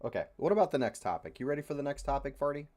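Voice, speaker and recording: A man's voice: mid-range voice, very animated, rapid-fire, darkish tone. A young man hosting a casual podcast, rambling and frustrated, with many fillers and free swearing. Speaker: podcast host. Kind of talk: casual opinionated chat.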